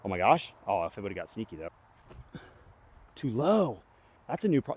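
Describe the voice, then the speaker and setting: A man's voice: lowish voice, big pitch swings, brisk, long pauses, darkish tone, slightly rough, no room sound. A young man films himself outdoors and talks through every throw. His running commentary swings between hyped pleading and groaning, with insects chirping in the background. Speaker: disc golf vlogger. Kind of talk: self-filmed play-by-play commentary. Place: outdoor disc golf course.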